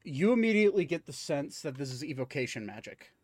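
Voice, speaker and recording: A man's voice: fairly high pitch, very animated, quick pace, a little mellow, husky, dry recording. A man narrating a tabletop game as game master, hesitant with many fillers.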